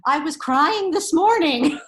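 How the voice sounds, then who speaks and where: A woman's voice: sits high, lively intonation, measured pace, fairly bright tone. A middle-aged woman counsellor giving an earnest, emphatic motivational talk to parents, repeating key phrases.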